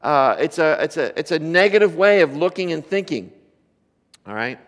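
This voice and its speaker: Joking preacher in an echoing church. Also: male voice, fairly high pitch, big pitch swings, normal speed. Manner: conversational, joking with the congregation, rhetorical questions. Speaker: pastor. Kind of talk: sermon. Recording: long reverb of a church hall.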